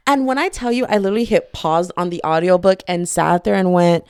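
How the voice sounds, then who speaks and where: A woman hosting her own podcast, chatting casually and excitedly about a book she loves. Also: mid-range voice, fast, hardly any pauses, clear, resonant tone, no room sound, clean studio sound. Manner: animated, gushing, laughs often. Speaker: podcast host.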